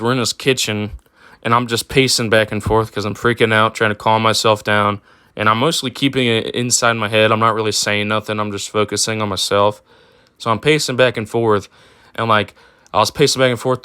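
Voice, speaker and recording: A man's voice: on the low side, bright, forceful tone, clear, resonant tone, dry recording, studio quality. Rambling young man telling a story. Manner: rambling, full of fillers and swearing. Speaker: storytime vlogger. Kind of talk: casual storytelling.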